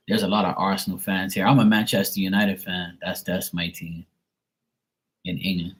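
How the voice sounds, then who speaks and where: Low husky-voiced Bermudian man. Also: steady tone, a little slow. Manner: rambling, chatty, casual swearing. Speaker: live stream host. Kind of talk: casual live-stream chat.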